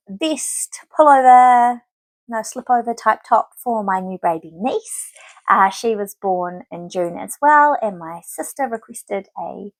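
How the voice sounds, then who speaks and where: A woman's voice: on the high side, dry recording. A woman in her thirties hosting a knitting podcast, chatting casually and rambling with many filler words. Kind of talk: casual chat to camera.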